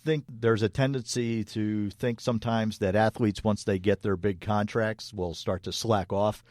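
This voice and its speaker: A man's voice: lowish voice, fairly even intonation, measured pace, a little mellow, dry recording, clean studio sound. A man co-hosting a casual hockey podcast, easygoing, laughing often and talking with many fillers. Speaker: podcast co-host. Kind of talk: casual sports chat.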